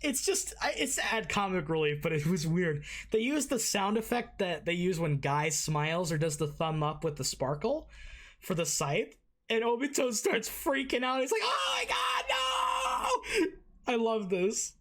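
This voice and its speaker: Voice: mid-range voice, lively intonation, normal speed. An anime reaction host giving casual, rambling commentary, swearing freely and full of fillers and restarts.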